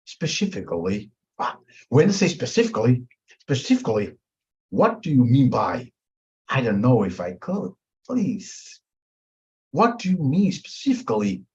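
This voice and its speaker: A male mediation instructor speaks slowly, letting each point land before moving on. His pitch swings widely as he stresses and repeats key words. The recording sounds dull and lo-fi. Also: huge pitch swings, darkish tone. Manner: emphatic, repetitive, drawn-out teaching delivery. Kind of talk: webinar teaching.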